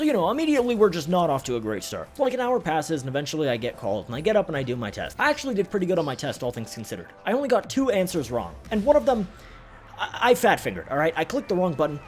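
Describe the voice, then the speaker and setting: A young man from Canada telling a profane, rambling comedic story over gameplay. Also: a little high. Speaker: gaming channel host. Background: faint background music.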